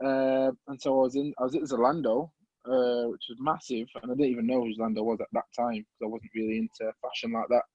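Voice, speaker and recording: A young man from England with a Midlands accent, a podcast guest telling his story in a lively way, acting out the people in it. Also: medium pitch, fast, no echo. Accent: English Midlands. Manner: animated, acts out voices of people in his story. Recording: slightly muffled dry recording.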